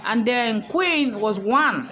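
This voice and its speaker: A woman's voice: a little high, lively intonation, slow pace, pushed and bright. A woman vlogger telling a personal story in a casual monologue, emphatic and outspoken, swearing freely, recorded in a hotel room.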